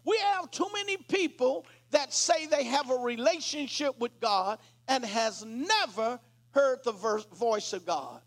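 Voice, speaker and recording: A man preaching a sermon, retelling a scripture story dramatically and clearing his throat now and then. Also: very high voice, expressive, unhurried.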